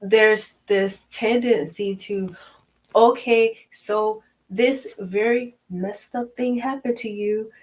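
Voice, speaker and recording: Animated woman in casual chat. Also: on the high side, slow pace, rough recording. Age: 30s. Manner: animated, acts out quoted voices, laughs often. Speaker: podcast co-host.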